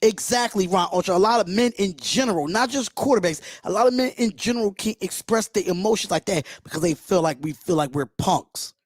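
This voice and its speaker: Hosting an emotional fan reaction livestream, this man is impassioned and blunt and swears freely. He speaks fairly quickly with few pauses in a high, animated voice, and the studio-quality audio has no room sound.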